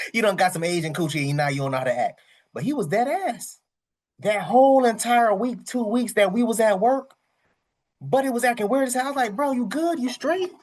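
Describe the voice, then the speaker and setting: A man hosting a casual reaction commentary, rambling and candid, full of slang, repeating his points. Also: on the high side. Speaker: reaction channel host.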